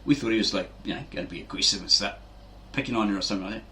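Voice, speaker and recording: A man's voice: lowish voice, racing, bright, forceful tone, slight background noise. A man giving a casual, rambling explanation as a fitness channel host, tagging lines with "right?" and acting out quotes. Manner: rambling, keeps asking "right?", acts out quotes.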